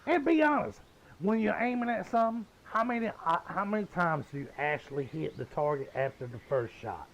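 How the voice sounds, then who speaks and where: Playing a game, a fifty-something man from the Southern United States rants and swears bluntly in a brisk, animated, high-pitched voice. The recording is low quality, with a slight hiss or hum.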